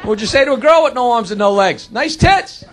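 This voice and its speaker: A man's voice: very high-pitched, lively intonation, brisk, heavy background noise. A man doing a crude stand-up comedy set, firing off dirty jokes with put-on voices for the characters. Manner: brash, crude punchline delivery with put-on voices.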